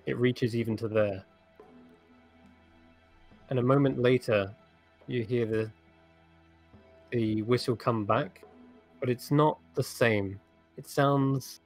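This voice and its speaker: Unhurried man narrating as game master. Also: mid-range voice. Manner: descriptive, loose and unhurried.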